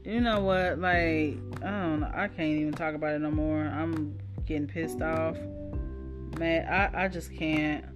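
Woman podcast host, shaken and halting, slow flat delivery, music behind. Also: low-pitched. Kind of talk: casual podcast commentary.

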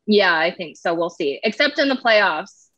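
A woman's voice: lowish voice, lively intonation, normal speed, fairly bright tone, no room sound, highs cut off. A woman guest on a podcast, chatting casually and hesitantly with many fillers. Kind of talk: casual interview chat.

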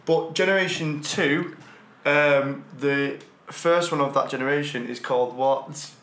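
A man's voice: fairly high pitch, a little slow, a bit bright. Rambling man in a roomy room. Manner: rambling, repeats words, chuckles often. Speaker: podcast co-host. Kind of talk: casual podcast chat. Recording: roomy echo.

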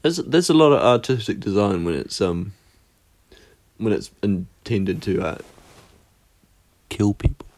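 A man's voice: fairly low pitch, big pitch swings, measured pace, pauses often, darkish tone. A man co-hosting a podcast in casual chat over a video call, with dry teasing remarks. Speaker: podcast co-host.

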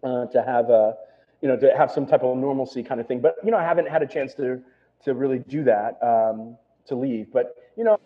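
Middle-aged man, restaurateur guest, quick rambling casual talk full of fillers, phone-line sound. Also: medium pitch. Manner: rambling, full of "you know" and "right?". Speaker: restaurant owner.

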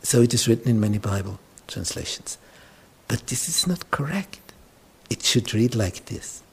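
A male pastor with a mid-range, slightly rough voice preaches a sermon at normal speed, his intonation lively as he retells scripture dramatically. He suddenly drops into whispers, and he repeats words and restarts as he goes.

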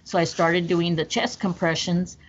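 A woman's voice: on the low side, level tone, normal speed. A woman recounting a personal story as a guest, in an earnest, detailed way with small restarts. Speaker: podcast guest. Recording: slightly muffled with faint noise.

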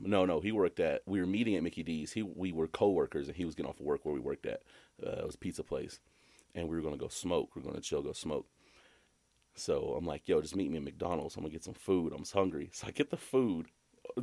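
Deep-voiced man telling rambling stories. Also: brisk, vocal fry, no room sound. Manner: rambling, animated, swears a lot, jumps to a high voice when quoting himself. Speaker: podcast co-host. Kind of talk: casual storytelling chat.

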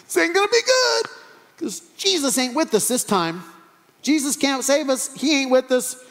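Man plays terrified sailors sure they'll drown; shrill, frantic, loud; echoey hall. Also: big pitch swings, normal speed, heavily acted. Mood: panicked. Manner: frantic, high-pitched wailing. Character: panicky male disciples in a sinking boat.

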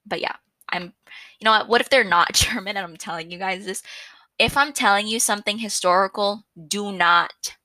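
Young woman, solo podcast host, loud and excitable, self-mocking chatter, bright forceful voice, lowish pitch, dry close mic. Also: no room sound. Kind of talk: casual solo podcast chat. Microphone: podcast microphone.

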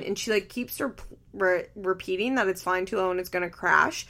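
Female podcast host, casual and blunt, constant "like" fillers, gravelly fry in the voice. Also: medium pitch, steady tone, moderate pace, few pauses, a bit bright. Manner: blunt, opinionated, heavy use of "like" fillers. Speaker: podcast host recapping a reality show. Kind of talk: casual chat.

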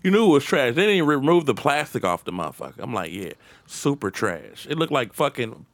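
A man riffing in rowdy podcast banter, his voice leaping high and low as he swears and laughs out loud. The sound is close and dry, with no room echo. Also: fast talker. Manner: animated, profane, laughs loudly.

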